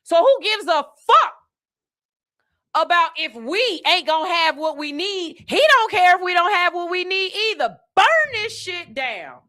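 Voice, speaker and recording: A woman's voice: very high voice, expressive, moderate pace, sharp tone. A woman hosting a podcast, delivering blunt, profane, emphatic commentary in a casual style. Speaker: podcast host.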